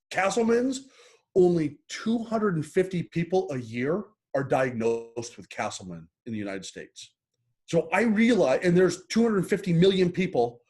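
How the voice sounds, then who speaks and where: A man's voice: on the high side, very animated, normal speed, a little mellow. A middle-aged man talking in a casual interview, earnest and emotional, often repeating words as he goes. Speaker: guest, happiness coach.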